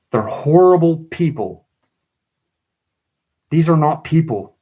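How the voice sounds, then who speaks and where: A man reading and explaining his own poem in a video, pleading and agitated, his voice rising into angry bursts, with halting restarts. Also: medium pitch, warm tone, rough recording. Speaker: vlogger.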